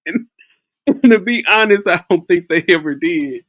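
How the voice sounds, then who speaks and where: A woman's voice: on the low side, normal speed, creaky. Chatty woman in her forties. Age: early 40s. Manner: chatty, animated storytelling with laughs. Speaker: vlogger. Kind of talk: casual political chat. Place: outdoors in wind.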